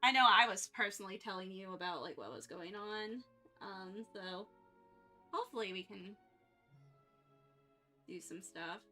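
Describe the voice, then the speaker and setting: Bubbly young woman streamer, bright voice. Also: mid-range voice, measured pace, pauses often, soft background music. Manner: excitable, gushing thanks, rambling with many fillers. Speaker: art livestreamer. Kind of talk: casual live-stream chat.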